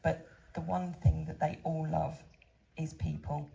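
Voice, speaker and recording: A woman's voice: sits low, little pitch movement, unhurried, creaky, warm tone, low-quality recording. A middle-aged woman running a horse sanctuary, talking heartfelt and informally to visitors outdoors at a farm. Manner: heartfelt, conversational, many "you know" fillers. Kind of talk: informal talk to visiting crowd.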